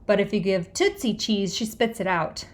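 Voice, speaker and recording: A woman voicing a small excitable boy who blabs on eagerly. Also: mid-range voice, normal speed, close to an everyday voice. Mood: chattering. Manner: blabbing, eager.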